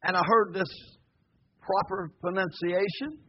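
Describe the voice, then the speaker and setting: A man preaching to his congregation, folksy and joking, often swelling into shouted hallelujahs. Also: high-pitched, unhurried, husky, lo-fi sound. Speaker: pastor. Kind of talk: sermon. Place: church sanctuary before a congregation.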